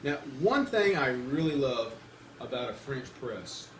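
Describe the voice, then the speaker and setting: A man's voice: mid-range voice, sing-song, measured pace, reverberant, a little hiss or hum. A man with a Southern US accent, chatting casually as he explains each step of making coffee on his own show. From Deep South, US. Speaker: host, coffee reviewer. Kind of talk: casual demonstration chat.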